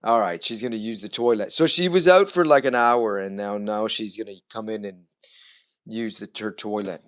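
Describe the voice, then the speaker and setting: A man's voice: on the low side, normal speed. A man hosting a casual livestream from his home kitchen, rambling chattily and talking to his pets along the way. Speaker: livestream host.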